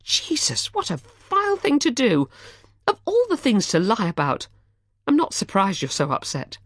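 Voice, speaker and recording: A woman's voice: medium pitch, big pitch swings, moderate pace, breathy edge, no room sound, clean studio sound, voice pushed up. A woman voicing an anxious, caring young woman in an audiobook, with urgent, rising questions in a raised voice. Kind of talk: audiobook character voice.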